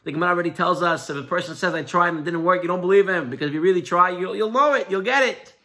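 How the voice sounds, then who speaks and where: Animated high-voiced rabbi teaching. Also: male voice, very fast. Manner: animated, emphatic, shifts between loud and soft. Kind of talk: Torah class with storytelling.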